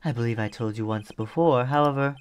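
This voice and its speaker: A man voicing a courteous, polite assassin with soft menace. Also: medium pitch, slight background noise, natural voice. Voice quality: measured, mannered politeness. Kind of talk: reading game dialogue aloud.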